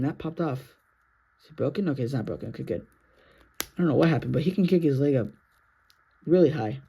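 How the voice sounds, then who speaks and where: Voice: medium pitch, dark tone, breathy edge. A sleepy, yawning action figure reviewer talking through a casual toy review in a rambling, self-correcting, apologetic way.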